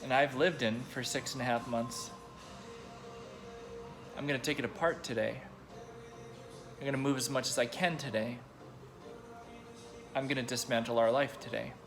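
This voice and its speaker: A young man talks straight into his own camera, his voice catching as he stays on the edge of tears. He speaks in a halting way, full of pauses and fillers, at a medium pitch. Soft music plays faintly behind him. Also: fairly even intonation. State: choked up. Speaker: vlogger. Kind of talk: personal video diary.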